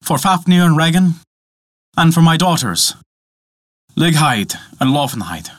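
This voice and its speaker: A man's voice: on the high side, big pitch swings, measured pace, no room sound, studio quality, pitched above the performer's own voice. A man playing a vengeful farmer-sorcerer father. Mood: curt. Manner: grim and furious. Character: grieving, vengeful old farmer magician father.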